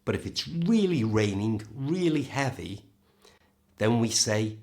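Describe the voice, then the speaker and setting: A man with a British accent teaching a pronunciation lesson, modelling each word slowly and clearly. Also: mid-range voice, lively intonation, darkish tone. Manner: slow, clear, modelling words for the learner. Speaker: English teacher.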